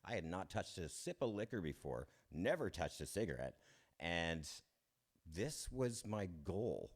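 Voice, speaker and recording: A man's voice: sits low, sing-song, husky. A man giving a candid, self-deprecating personal testimony, chuckling often and restarting his sentences. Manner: halting restarts. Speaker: speaker sharing his recovery story.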